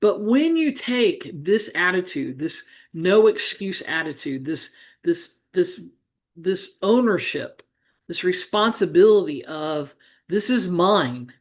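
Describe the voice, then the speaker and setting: Speaking slowly and very animatedly in a fairly low voice, a middle-aged woman from Ohio in the United States, a business coach, earnestly recounts a childhood farm story. She restarts often and wanders into asides as she goes.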